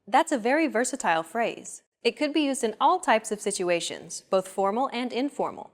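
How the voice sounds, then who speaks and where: A woman hosting a language lesson, explaining pronunciation in a clear, measured scripted narration. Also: fairly high pitch, lively intonation. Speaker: host.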